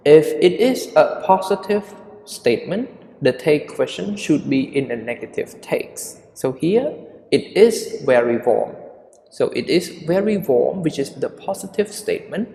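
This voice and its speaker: A man's voice: mid-range voice, creaky, mellow. A man teaching an English grammar lesson, explaining step by step and repeating key terms, with small non-native slips in his grammar. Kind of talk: recorded online grammar lesson. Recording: echoey room with long reverb.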